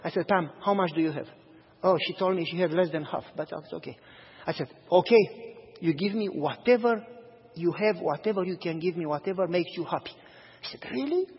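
Male pastor, husky and high, animated storyteller preaching in a church, dull lo-fi recording. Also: brisk. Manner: animated storyteller, acts out dialogue. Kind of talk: sermon with storytelling. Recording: dull audio, long hall reverb.

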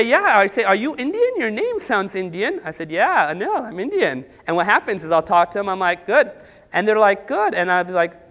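A man preaching as a pastor, telling stories with lively acted-out dialogue to a congregation. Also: high voice, in a large hall. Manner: animated storytelling with acted dialogue. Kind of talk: sermon.

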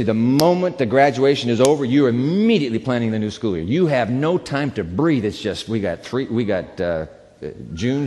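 A man preaching as a pastor, telling a personal story in a conversational, animated way and acting out the dialogue. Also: fairly low pitch, in a large hall. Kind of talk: sermon storytelling.

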